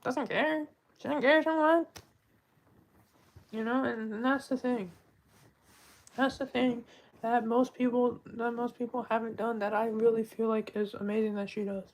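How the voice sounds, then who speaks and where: A woman talking in a casual live stream monologue, soft-spoken and heartfelt, often trailing off and restarting her sentences. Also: fairly high pitch, little pitch movement, moderate pace, long pauses, low-quality recording.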